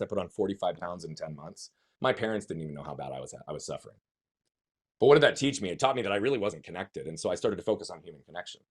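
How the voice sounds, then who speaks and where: A man, a guest telling his story in an emphatic way, swearing at times and asking himself questions. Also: low voice. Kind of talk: conversational storytelling.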